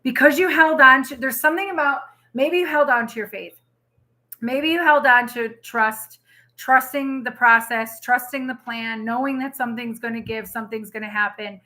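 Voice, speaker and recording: A young woman talks through a tarot reading for her viewers in a loose, rambling way, full of fillers and quick feeling. Her voice is bright and sits a little high. She sounds chatty and emotional. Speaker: tarot reader.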